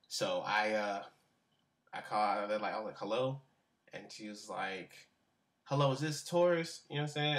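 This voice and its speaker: On a webcam interview, a young man with a lowish, fairly bright voice spins a casual story. He rambles in a slangy way, restarting often and leaning on filler words.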